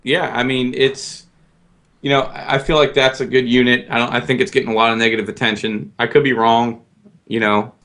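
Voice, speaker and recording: A man's voice: mid-range voice, flat delivery, brisk, fairly bright tone. A man in his thirties in casual podcast chat, self-deprecating and rambling, often stammering and restarting his sentences. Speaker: guest co-host.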